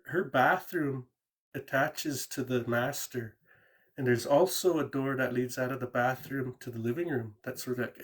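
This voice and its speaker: A man calling in to tell a true ghost story in a rambling, casual way, often repeating words and saying "you know". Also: medium pitch. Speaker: caller sharing a ghost story.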